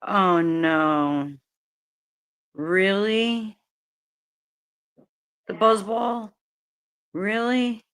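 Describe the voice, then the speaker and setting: A woman's voice: medium pitch, steady tone, very slow, pauses often, fairly bright tone, smooth. A woman hosting a casual livestream, chatting with viewers and her dogs, swearing often and breaking into laughter. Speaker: livestream host.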